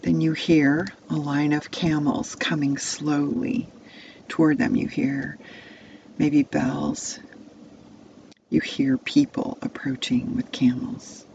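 A woman tells a Bible story to children at a slow, unhurried pace, drawing listeners into the tale. Her voice has a gravelly edge, and the recording is dull and lo-fi with faint background noise. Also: sits low, level tone, a little mellow. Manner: second-person immersive storytelling.

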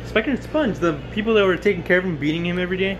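A man's voice: sits high, rapid-fire, dull audio, music in the background. A man giving rambling, profane, joking commentary on a film while carving pumpkins at home. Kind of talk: casual chat.

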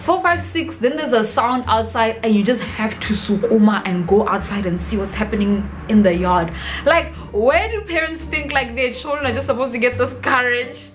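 A young South African woman vlogging a comedic rant, animated and mixing local slang into her English. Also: a little high, normal speed, slight background noise, poor audio.

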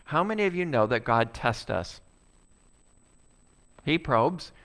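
A male pastor preaching a sermon, animated and acting out a complaining crowd. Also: medium pitch, slow.

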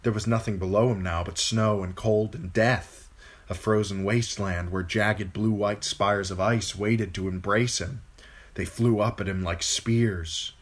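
Male amateur novel reader: low, husky voice, animated and dramatic storytelling. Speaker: hobby audiobook reader. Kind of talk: amateur fantasy novel reading.

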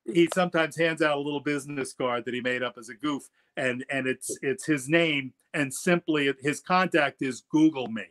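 A man's voice: on the high side, moderate pace, hardly any pauses, a bit bright. A middle-aged man, an attorney guest, telling stories in casual interview talk and often repeating words as he goes.

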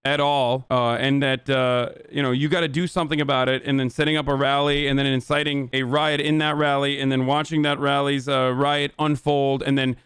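A man's voice: mid-range voice, little pitch movement, normal speed, few pauses, a bit bright, clear, resonant tone, no room sound, clean studio sound. A man in his thirties hosting a live stream, commenting in a sarcastic, profane and rambling way. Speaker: political streamer host.

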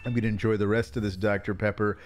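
A man's voice: on the low side, flat delivery, fast, soft background music. A man streaming from his home office, casually joking and thanking his chat.

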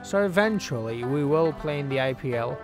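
A man giving casual, joking commentary over his own video game play, yelling at the players on screen. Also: mid-range voice, normal speed, music in the background. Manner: excitable, jokey, scolds the game's players aloud. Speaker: gaming channel host.

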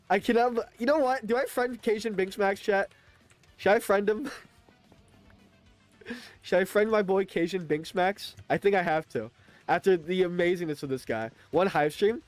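A man streaming a video game live, talking to his chat in a chatty, excitable way. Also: sits high, moderate pace, pauses often, no room sound, faint music behind. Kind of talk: live gaming stream commentary.

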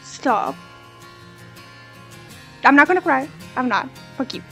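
A young woman hosting a music video reaction, excitable and swearing freely, singing along and shrieking in delight. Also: high voice, slow. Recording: faint music playing behind her voice.

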